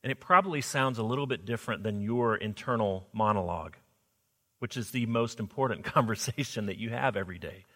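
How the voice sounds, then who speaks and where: A man's voice: on the low side, a little fast, bright, forceful tone. A man preaching a sermon as pastor, earnest, often asking the congregation rhetorical questions. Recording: long hall reverb.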